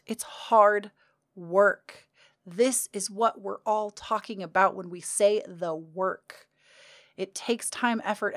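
A woman's voice: medium pitch, dry recording, clean studio sound. A young woman talking openly to her viewers about healing and self-care, earnest and confiding, with casual swearing. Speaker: vlogger. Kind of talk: candid self-help talk to camera.

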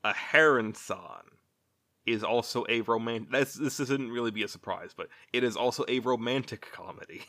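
Bright-toned, rambling, sweary man. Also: medium pitch, moderate pace. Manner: rambling, laughs often, swears freely. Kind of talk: casual chat.

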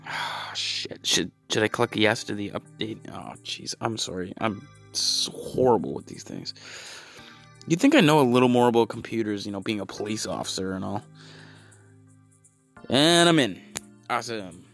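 Man doing clueless stammering caller, rambling and sorry, lively swings. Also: on the low side, moderate pace, gravelly, soft background music, full character voice. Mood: flustered. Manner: rambling, stammering, mock-apologetic. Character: flustered clueless man faking computer trouble on a phone call.

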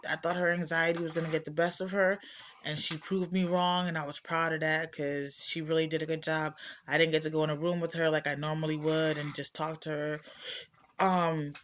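Middle-aged woman, low voice, podcast host, casual rambling personal talk, candid and self-reflective. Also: level tone, moderate pace, a little hiss or hum.

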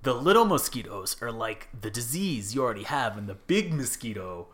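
A man with a bright, clear voice, chatting casually with friends. He explains things with an amused, skeptical edge and often laughs as he talks. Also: medium pitch, big pitch swings, normal speed, faint music behind. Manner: skeptical, amused, laughs while telling stories.

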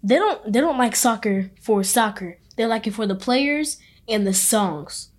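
A young woman co-hosting a podcast, telling stories in a relaxed, matter-of-fact way. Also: on the high side, measured pace. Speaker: podcast co-host. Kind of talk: casual chat.

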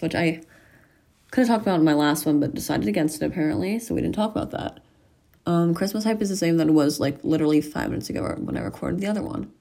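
A teenage girl talks to the camera from her mirror at home, close to the lens. Her voice sits a little low, and she rambles in a chatty, self-mocking way. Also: darkish tone. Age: teens. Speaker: vlogger. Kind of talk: casual chat to camera.

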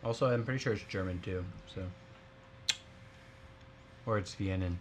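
A man's voice: low-pitched, moderate pace, noisy background. A young man co-hosting a snack tasting, casual and joking, stumbling over foreign words. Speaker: co-host of a snack tasting show. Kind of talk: casual chat.

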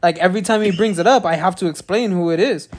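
A man's voice: high voice, fast. A man co-hosting a podcast in casual chat, rambling and joking with a lot of swearing. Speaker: podcast co-host.

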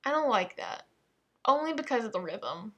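Bright, husky-voiced woman reading tongue twisters. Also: a little high, big pitch swings, normal speed. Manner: playful, exasperated, self-interrupting asides.

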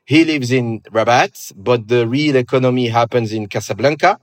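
A man's voice: medium pitch, normal speed, dry recording. Moroccan man with a French-tinged accent, dry sound. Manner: hesitant, many uhs, relaxed. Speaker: guest. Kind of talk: casual interview conversation.

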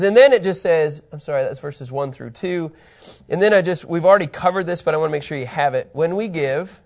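Male pastor, slightly high, very expressive voice, teaching scripture with playful asides to the room. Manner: animated, playful with the congregation. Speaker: pastor teaching a Bible lesson. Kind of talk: sermon-style Bible teaching.

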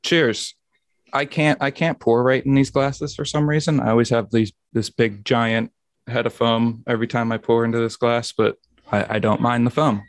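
A man's voice: mid-range voice, level tone, moderate pace, no echo, studio quality. A man hosting a casual podcast, easygoing and a little rambling. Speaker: podcast host.

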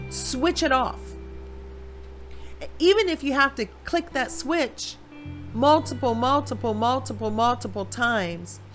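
A woman from Ohio gives a personal faith testimony, animated storytelling with voiced quotes. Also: a little high. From Ohio, USA. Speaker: Christian speaker.

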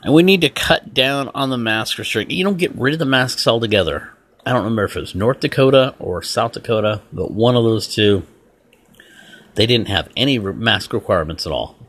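A man's voice: sits low, fairly bright tone. A man hosting his own podcast, ranting bluntly and rambling in an exasperated, casual way. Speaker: podcast host. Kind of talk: solo casual rant.

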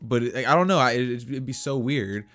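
A man's voice: medium pitch, fairly quick, fairly bright tone, soft background music. A man co-hosting a casual podcast chat, rambling with lots of fillers and restarts. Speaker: podcast co-host.

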